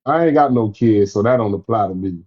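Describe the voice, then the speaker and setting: A man's voice: lowish voice, animated, fairly quick, dull audio. A man chiming in with laid-back remarks in casual chat.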